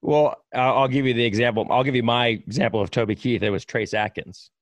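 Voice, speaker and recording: A man's voice: mid-range voice, brisk, dry recording. A man hosting a podcast, a radio broadcaster who tells stories with emphasis and enthusiasm in casual conversation. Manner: animated storyteller, emphatic.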